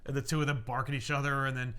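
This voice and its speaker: A man's voice: mid-range voice, little pitch movement, very fast, sharp tone, clean tone. A man co-hosting a casual podcast, animatedly recapping a comic story with laughs and fillers. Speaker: podcast co-host.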